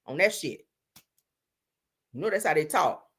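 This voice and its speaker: A woman's voice: sits low, animated, a little slow, fairly bright tone, husky. A woman from the US giving blunt, profane, sassy live-stream commentary, full of emphatic repeats.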